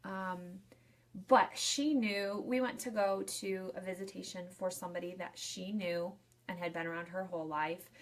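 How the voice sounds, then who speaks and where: A woman's voice: fairly low pitch, fairly bright tone. A young woman, a funeral director and embalmer, giving casual, chatty advice in a live video talk and restating her points in loose lists.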